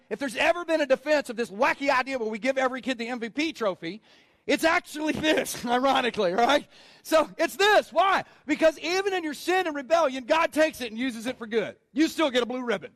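A male pastor preaching a sermon in an energetic, excitable style that swells into shouting. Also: extremely high pitch, no room sound.

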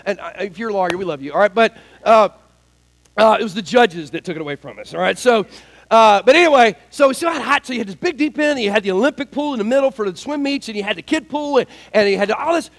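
A man preaching a sermon, telling a story in an animated, joking way and acting out the scenes. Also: high-pitched, fast, poor audio. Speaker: pastor.

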